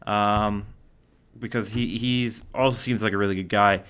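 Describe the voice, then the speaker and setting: A man's voice: lowish voice, fairly even intonation, moderate pace, fairly bright tone, clear, resonant tone. A man from Canada giving casual solo commentary, reading out stats and quotes with lots of fillers. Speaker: hockey commentator.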